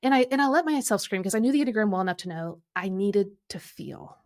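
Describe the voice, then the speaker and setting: A middle-aged woman coaching and telling a personal story in an animated way, acting out quoted lines. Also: mid-range voice, quick pace. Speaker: Enneagram coach and podcast host.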